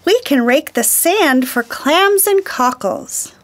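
Lady reading as raven the sly trickster bird, slow, kinda high voice, bossy. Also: expressive, fairly bright tone. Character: clever trickster male Raven.

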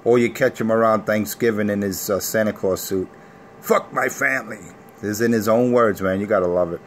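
Low-voiced boastful man trash-talking. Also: steady tone, brisk, a little hiss or hum. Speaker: CB radio operator ranting on air. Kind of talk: casual morning rant.

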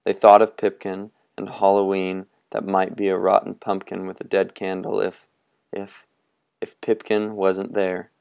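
A man narrating a novel at an unhurried, measured pace. His voice is low and smooth. He leans into the atmosphere of each sentence. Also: completely flat delivery, darkish tone. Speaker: audiobook reader. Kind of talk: reading a novel aloud.

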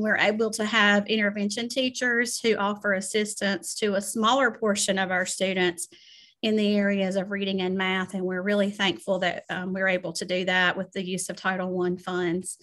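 A woman with a Southern American accent, a school administrator, explaining programs to parents at a school meeting in a measured way with frequent ums. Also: mid-range voice, bright, forceful tone. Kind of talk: informational presentation at a school meeting.

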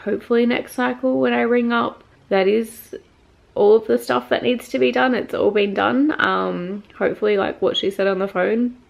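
A woman's voice: on the high side, fairly even intonation, moderate pace, gravelly, dull audio. A young woman vlogging, upset and frustrated, venting about her week with a teary voice after crying. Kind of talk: casual personal vlog.

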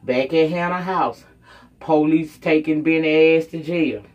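The audio is dull, and the woman's voice is low and a little slow. She gives a casual, unscripted rundown of a TV episode, cursing freely, bluntly sassy, and voicing the characters as she tells it.

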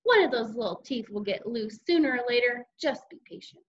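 A fussing, caring mom who frets over her son and soothes him, as a woman reading a storybook puts her on. The voice sits fairly high, and the recording is dull with faint noise. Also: lively intonation, a little fast, close to an everyday voice.

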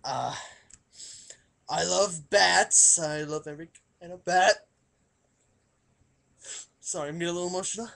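A man playing a nervous, emotional superhero in a comedic monologue, halting and stammering with a gravelly, crying voice. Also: sits high, fairly bright tone, heavily acted. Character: nervous, weepy adult male superhero on a dating video.

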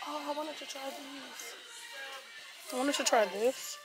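A woman's voice: sits high, a little slow, music in the background, low-quality recording. A young woman in her twenties chatting bubbly and casually to the camera as a vlogger, in her car and then a store. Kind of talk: casual vlog chat.

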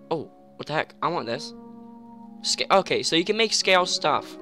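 A young man giving rambling, excitable commentary on a game at home, full of fillers and sudden yelps. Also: on the high side, moderate pace, soft background music. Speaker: gamer. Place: home room.

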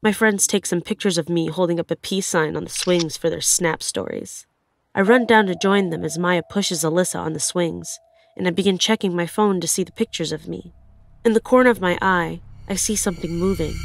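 A woman's voice: on the low side, a little hiss or hum. A woman narrating her own scary experience in the first person, in an earnest, plain way. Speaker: storyteller.

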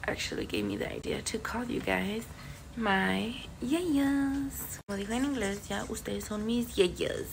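A woman's voice: medium pitch, very animated, unhurried, vocal fry, background noise. A woman vlogging casually at home, talking to her pets in cooing baby talk.

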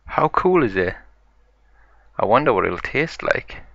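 A man voicing an excitable little boy piglet in a raised, eager voice for a toy story. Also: medium pitch, unhurried, vocal fry, dry recording, lo-fi sound, voice pushed up, full character voice. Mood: excited.

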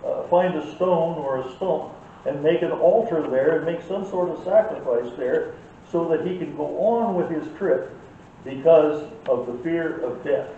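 An older man leads a church class and speaks slowly and earnestly, growing fervent as he goes. His voice is slightly higher than most men's. He sounds distant and boomy, as if caught by a thin, phone-like mic across an echoing room. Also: dark tone, slight background noise. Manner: earnest, gets worked up. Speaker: Sunday school teacher. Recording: echoey room from far off, phone-like.

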